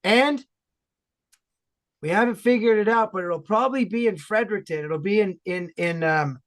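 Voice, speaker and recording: A man from Ontario with an Ontario Canadian accent, a regular on the podcast, chatting casually in energetic, emphatic bursts. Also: high-pitched, moderate pace.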